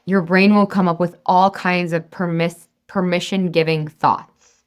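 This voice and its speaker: Chatty encouraging woman coach, lowish voice. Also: fairly even intonation, a little slow, clear, resonant tone. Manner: chatty and encouraging, acts out her own inner voice. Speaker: weight loss coach. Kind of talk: webinar talk to an audience.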